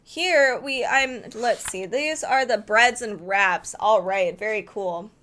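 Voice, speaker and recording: A woman's voice: mid-range voice, takes it slowly, pushed and bright. A woman previewing a cookbook in a casual, enthusiastic way, thinking aloud as she flips pages and correcting herself now and then. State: arm tired from holding a heavy book. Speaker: cookbook reviewer.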